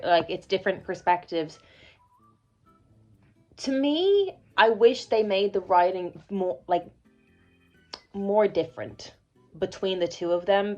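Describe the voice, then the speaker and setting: This book vlogger, a young woman, has a lowish, slightly mellow voice and chats in a rambling way full of "like" fillers and restarts. Faint music plays under the slightly dull, lo-fi recording of her reading vlog.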